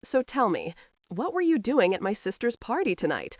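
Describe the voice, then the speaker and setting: A woman's voice: a little high, sing-song, moderate pace, a little mellow, dry recording, clean studio sound, pitched above the performer's own voice. A woman voicing a brash, arrogant young man who teases and needles, read in an audiobook. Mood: needling. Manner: mocking, needling. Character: brash young male horseman, teasing and arrogant.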